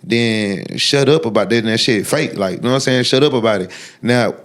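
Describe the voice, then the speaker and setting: A man talks in an unfiltered interview. He is blunt and profane, and he rambles with frequent restarts and fillers at a middle pitch. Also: a little fast. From Texas. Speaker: guest. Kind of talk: unfiltered sit-down interview talk.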